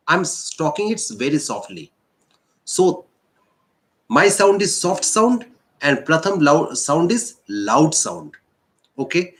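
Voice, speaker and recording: A male teacher with an Indian English accent, slowly explaining a physics lesson and repeating key points. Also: fairly high pitch. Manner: slow, repetitive explaining. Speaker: science teacher.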